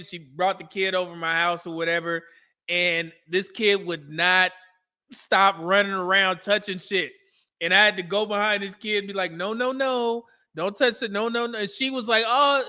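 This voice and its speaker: A man hosts a casual live stream and reacts to old dating show clips. His voice sits high for a man and sounds bright and forward. He laughs often and talks straight back at the screen.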